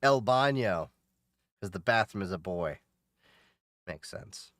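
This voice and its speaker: A male streamer chats casually with his viewers, cracking jokes as he goes. His pitch swings a lot, up and down. The sound is dry and close, with no room echo. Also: animated, slow pace, a bit bright. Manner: joking, chatty, answers viewers and laughs often. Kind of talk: casual live-stream chat while gaming.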